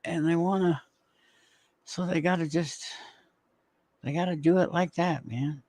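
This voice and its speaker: A man's voice: fairly high pitch, fairly even intonation, unhurried, darkish tone, no echo. A man streaming, reacting to news clips and chatting loosely with viewers, swearing and rambling. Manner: swearing, rambling, talking to chat by name. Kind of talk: casual live-stream commentary to chat.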